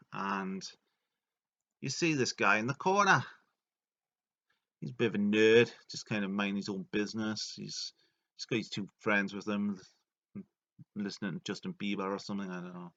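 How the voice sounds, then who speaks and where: A man's voice: lowish voice, a bit bright, dull audio. A man telling a comedic story, joking along and putting on silly voices for the people he quotes. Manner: jokey, puts on silly voices for quoted characters. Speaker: video narrator.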